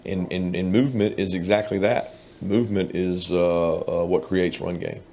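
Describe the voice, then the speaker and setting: A man's voice: low-pitched, steady tone, normal speed, dark tone. A man who coaches football, speaking bluntly and intensely at a press conference. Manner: blunt, intense, repeats himself.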